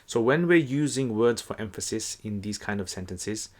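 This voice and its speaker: Low-voiced man teaching casually. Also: moderate pace. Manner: relaxed, conversational, frequent fillers and restarts. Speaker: Quran teacher. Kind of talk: casual explanatory lesson.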